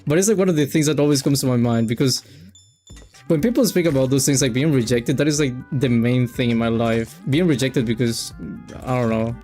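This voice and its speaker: A man in the middle of a game stream, spinning a personal story as he plays. He rambles and cuts himself off, at a middling pitch, with faint game music underneath. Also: a little fast. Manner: rambling, self-interrupting, animated retelling. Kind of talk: casual storytelling while gaming.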